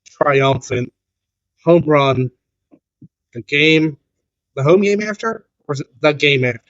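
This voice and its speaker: A man co-hosting a podcast, speaking in an earnest, measured, reflective way during casual chat. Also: on the high side, expressive, fairly bright tone, no echo. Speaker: podcast co-host. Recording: dull, dry lo-fi sound.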